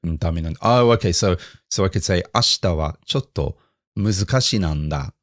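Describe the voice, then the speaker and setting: A man's voice: deep voice, animated, quick pace, no echo, studio quality. A man co-hosting a Japanese lesson podcast, asking questions and repeating phrases after the teacher. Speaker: co-host learning Japanese.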